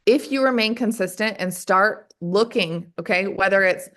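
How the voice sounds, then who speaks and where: Energetic woman sales trainer, mid-range voice, fires off rhetorical questions and keeps addressing the team directly. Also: medium pitch, normal speed. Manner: energetic, keeps calling the audience "you guys". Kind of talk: motivational training call.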